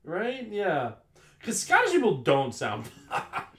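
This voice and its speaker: A man's voice: high voice, wildly swooping pitch, slow pace, roomy sound. A man co-hosting a podcast in casual chat, rambling and profane and often laughing. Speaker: podcast co-host.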